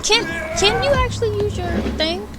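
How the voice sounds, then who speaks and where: A woman streamer gives casual live commentary over a game, exasperated and talking back at the enemies on screen. Her voice is extremely high-pitched and moderately paced, with loud game music in the background.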